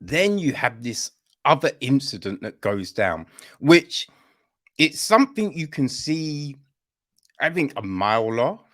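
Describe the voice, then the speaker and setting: A man talks through a play on his podcast at an unhurried, drawn-out pace. His pitch swings widely as he goes, and he keeps tossing "right?" and "you know?" at his listeners. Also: sing-song. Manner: apologizes to listeners after a coughing fit. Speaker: podcast host reviewing a play. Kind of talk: casual spoken review.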